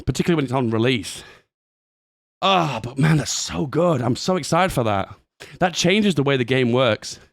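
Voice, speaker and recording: A young man giving excitable, laughing commentary on a game update. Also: a little high, dry recording. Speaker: gaming YouTuber.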